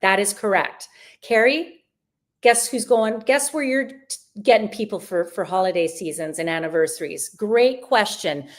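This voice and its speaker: A woman's voice: mid-range voice, moderate pace. A woman hosting a live online travel sale, chatting in an upbeat, rambling way as she presents deals and answers viewer questions. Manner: chatty and upbeat, with frequent restarts. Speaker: livestream sale host. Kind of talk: live shopping stream presenting.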